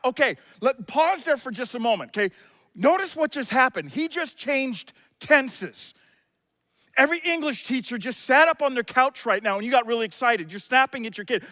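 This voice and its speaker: A middle-aged man, a pastor, preaching a sermon with passion and sometimes shouting. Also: very high voice, expressive, moderate pace, no echo. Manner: impassioned, shouts out acted quotes.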